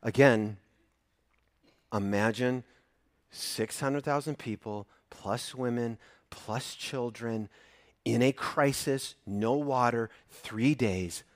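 A man preaching a sermon, animated, acting out the voices of the people in his story with loud bursts. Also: mid-range voice, slow, no room sound, clean studio sound. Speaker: pastor.

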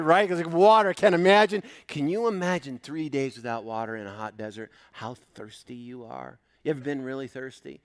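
A man preaching a sermon, animated, acting out the voices of the people in his story with loud bursts. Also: medium pitch, a little fast, hardly any pauses, no room sound. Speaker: pastor.

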